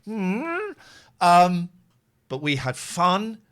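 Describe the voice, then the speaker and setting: A man hosting a casual podcast chat, telling a story in an animated, teasing and sweary way. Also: high voice, drawn-out words. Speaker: podcast host.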